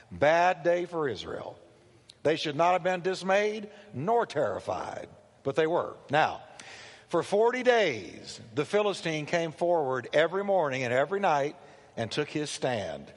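Guy preaching, bit high voice, bouncy storytelling, big echoey church hall. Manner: animated storytelling, acting out quotes. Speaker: pastor. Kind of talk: sermon. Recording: long hall reverb.

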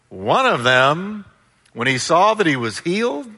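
Male pastor, sermon; forceful bright tone, emphatic call-and-response, long hall reverb. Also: on the high side, very animated, slow, husky.

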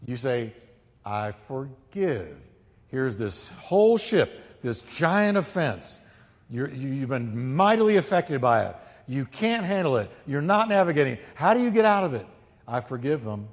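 Delivered at normal speed in a sing-song manner, this male pastor's sermon is emphatic, shifting from soft, low asides to loud, ringing climaxes. He has the congregation repeat lines back to him, and the sound rings with long hall reverb.

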